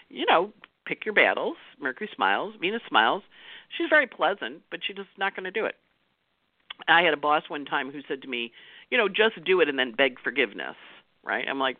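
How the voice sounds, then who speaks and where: A woman's voice: sits low, very animated, a little fast, dry recording, phone-quality sound. A woman astrologer giving a chatty weekly forecast. She laughs often and acts out the voices she quotes.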